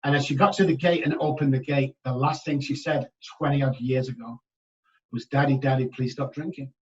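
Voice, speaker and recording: A man in his sixties, a recovery expert guest on a podcast, telling his story candidly and emphatically, moving from hushed to loud. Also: mid-range voice, a little fast. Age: 60s. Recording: dull, distant podcast audio.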